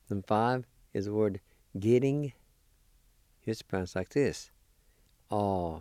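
Slow, deep-voiced man teaching spelling. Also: dark tone, no room sound. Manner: slow, deliberate, spells letter by letter. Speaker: language teacher. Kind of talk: spelling and pronunciation lesson.

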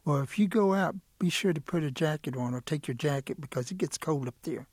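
A man's voice: fairly high pitch, a little fast, darkish tone, no room sound, clean studio sound, lightly acted. A man voicing a caring mother who warns her son. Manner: warning, motherly.

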